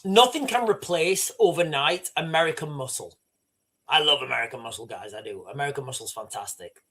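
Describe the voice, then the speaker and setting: A British man with a noticeably high-pitched voice holds forth on a casual livestream. He talks to his viewers directly, stressing points by repeating words and circling back for emphasis. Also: animated, a little fast, pushed and bright. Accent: British English. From Britain. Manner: emphatic, repetitive, conversational, addresses chat directly. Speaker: livestream host.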